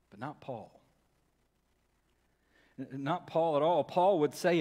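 A man preaching a sermon as pastor, telling a story dramatically, repeating words and swinging between hushed and loud. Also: animated, slow pace, pauses often. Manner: dramatic storytelling, repeats words, rises and falls in pitch and volume. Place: church sanctuary. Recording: long hall reverb.

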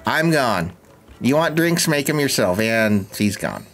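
A man's voice: mid-range voice, big pitch swings, unhurried, a bit bright, faint music behind. Sarcastic young man streaming a game. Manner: sarcastic, jokey, swears often. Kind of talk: casual gameplay commentary.

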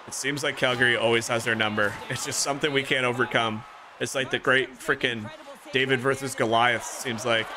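A young man streaming a hockey video game, calling the plays like a sportscaster and reacting with excited outbursts. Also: medium pitch, brisk, noisy background. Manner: excitable play-by-play, rising to shouts. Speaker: gaming streamer. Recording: music playing clearly behind.

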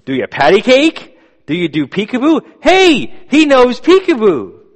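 Preacher doing a drunk old guy squealing at a baby, high and loud, echoey hall. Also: brisk. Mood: gleeful. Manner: high, excited calling out. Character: drunk, scruffy old man cooing at a baby. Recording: reverberant church hall.

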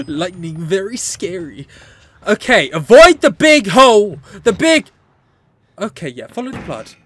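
Animated, jumpy woman playing horror games. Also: a little high, measured pace. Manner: jumpy, swears freely, talks to game characters; animated and joking, laughs often. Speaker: gaming channel host. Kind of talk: horror game let's play commentary.

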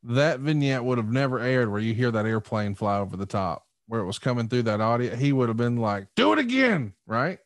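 A male podcast co-host asks questions in a lively, chuckling manner. His voice is mid-range and dry. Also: medium pitch, a little fast, hardly any pauses, dry recording. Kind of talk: casual podcast chat.

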